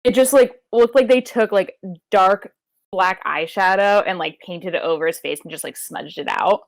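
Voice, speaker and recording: A woman's voice: mid-range voice, normal speed, vocal fry. A woman co-hosting a podcast, bantering sarcastically and swearing as she mocks what she watched. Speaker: podcast co-host. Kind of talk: casual banter.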